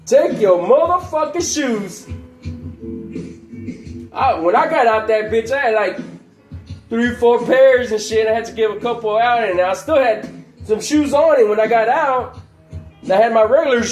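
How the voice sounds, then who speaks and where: A man talks in a loose, profane storytelling vlog with an unusually high-pitched voice. Quiet music plays faintly behind him. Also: expressive, measured pace, long pauses. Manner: profane, rambling, laughs often. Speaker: channel host. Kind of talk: casual storytelling.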